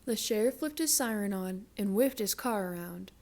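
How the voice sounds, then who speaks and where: A woman reading a children's picture book aloud, with slow, careful storytelling. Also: medium pitch, lively intonation, darkish tone. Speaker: storybook reader.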